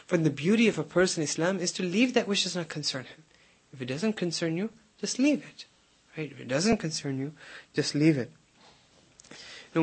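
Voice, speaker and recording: A man's voice: a little high, husky. A man giving a conversational sermon, telling stories and often checking in with "right?". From United States. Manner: conversational, keeps asking "right?". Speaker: preacher.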